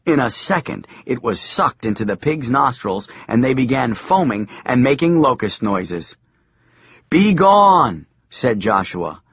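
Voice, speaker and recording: A male audiobook narrator with a husky voice and a lively, varied pitch. His delivery is dry and deadpan. The recording is close and slightly dull. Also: measured pace, few pauses, dry recording. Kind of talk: audiobook narration, comic novel.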